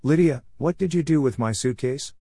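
A man's voice: medium pitch, moderate pace, dark tone, dry recording, voice pushed up, natural voice. A whiny, demanding little boy, as a man puts him on, raised well above the reader's own voice. He whines at everyone around him. The sound is close and dry.

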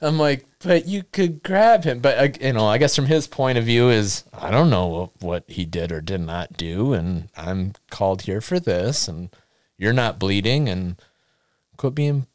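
A man telling a story in casual chat, animated, laughing often and acting out quotes. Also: fairly low pitch, moderate pace, dry recording, clean studio sound. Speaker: podcast guest storyteller.

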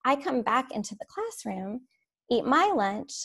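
A woman teacher telling classroom stories in a casual, animated way, laughing as she goes. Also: a little high, measured pace, husky. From Florida. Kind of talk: casual storytelling on a podcast.

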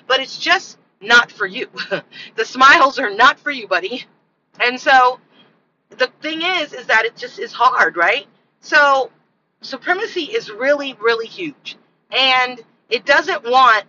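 A woman with a strikingly bright voice tells a personal story in a loose, rambling way, laughing often as she goes. Her delivery is animated and casual. The recording sounds dull and lo-fi, with faint traffic in the background. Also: on the high side. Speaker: podcast host.

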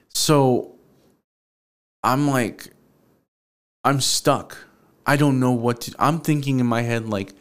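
Young man, podcast host, casual swearing, heartfelt storytelling, smooth clear voice, mid pitch. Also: measured pace. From Houston, Texas. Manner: casual, profane, emotional retelling.

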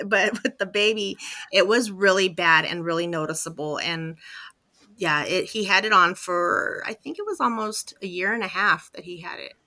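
A woman's voice: fairly low pitch, normal speed, pushed and bright. A woman guest on a podcast, chatting candidly and telling long, rambling stories. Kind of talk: casual interview chat.

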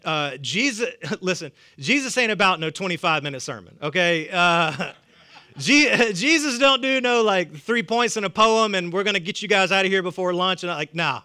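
A man's voice: high voice, bright, forceful tone. A man with a Southern US accent preaching a sermon, humorous and conversational, chuckling often. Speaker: pastor.

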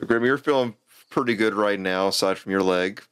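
A man runs a tabletop game as its game master, calling for dice rolls and describing the scene. His voice sits low, and the sound is dry and close. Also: normal speed, fairly bright tone, smooth, dry recording.

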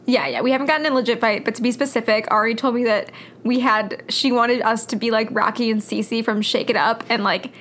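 A young woman co-hosts a casual podcast, trading jokes with her friend. Her voice sits a little high, and her delivery is loose, playful and quick to laugh. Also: steady tone, fairly bright tone, slight background noise. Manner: playful, joking, laughs often. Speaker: podcast co-host.

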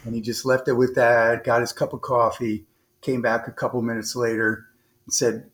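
A man's voice: medium pitch, normal speed. A man who is a former naval officer and podcast guest, telling a long story in an earnest, conversational way, full of restarts and fillers. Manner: rambling, frequent restarts and fillers; earnest, animated retelling with quoted dialogue.

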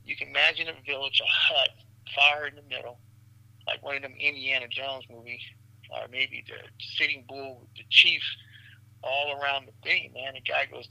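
A man, a physician guest, telling stories in an animated, profane way, laughing often and calling the listener "man" and "brother". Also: mid-range voice, normal speed, creaky, no echo, low-quality recording. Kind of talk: animated storytelling in a podcast interview.

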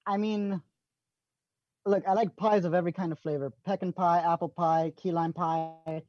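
A woman co-hosting a casual chat, loud, joking and over the top. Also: lowish voice, steady tone, moderate pace, no echo. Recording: dull lo-fi dry mic.

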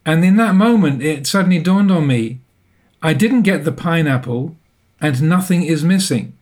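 A man with a somewhat high voice tells a personal story as an interview guest. He is reflective and self-deprecating, and often pauses to rephrase. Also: expressive, darkish tone.

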